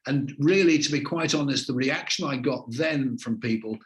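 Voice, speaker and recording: Older man, from England, veteran broadcaster, relaxed, anecdotal, interview guest. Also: mid-range voice, moderate pace. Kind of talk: conversational interview answers.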